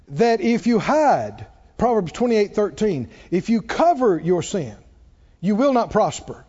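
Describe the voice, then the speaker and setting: A man preaching a sermon, swinging between loud, dramatic lines and hushed ones. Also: high voice. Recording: muffled sound with long hall reverb.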